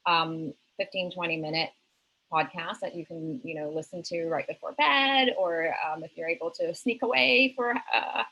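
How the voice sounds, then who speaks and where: Woman panelist, slightly low voice, halting and filler-heavy. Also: lo-fi sound. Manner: hesitant, many ums, conversational. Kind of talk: webinar panel discussion.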